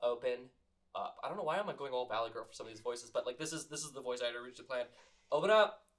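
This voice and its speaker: A man's voice: mid-range voice, animated, rapid-fire, fairly bright tone, voice pushed down, natural voice. A man voicing a snobby, impatient young woman ranger who works as a caretaker and barks curt demands.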